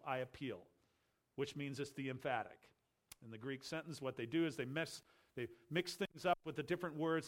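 Emphatic preacher man, slightly higher voice. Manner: emphatic, swings between loud urging and quiet low asides; builds through repeated phrases. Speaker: pastor. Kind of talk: expository sermon.

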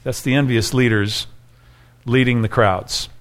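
A man's voice: medium pitch, fairly even intonation, unhurried. A man preaching an expository sermon, reading scripture aloud and explaining it, rising in intensity when he voices the people in the text. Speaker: pastor.

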